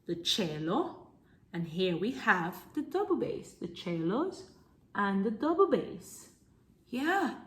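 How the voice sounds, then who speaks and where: A woman teaching preschool children about music, reading from a picture book in a gentle, expressive way with hushed asides. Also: medium pitch. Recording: faint music playing behind.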